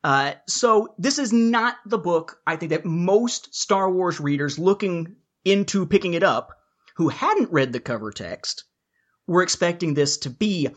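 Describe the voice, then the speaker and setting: A man's voice: high-pitched, lively intonation, measured pace. A man hosting a casual podcast discussion, chatty and jokey, laying out his points in order. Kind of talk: casual book-review discussion.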